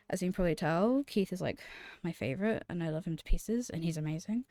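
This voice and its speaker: A woman's voice: fairly low pitch, quick pace, warm tone, no echo. A young woman chatting casually to camera as a vlogger, gushing about favourite channels, laughing often and swearing freely.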